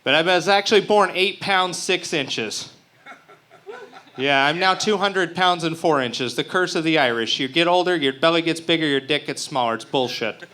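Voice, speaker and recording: A man's voice: a little high, normal speed, bright, forceful tone. A man from Utah doing a profane, brash stand-up comedy set at an open mic. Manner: crude, profane, brash joking. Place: open mic stage before a live crowd.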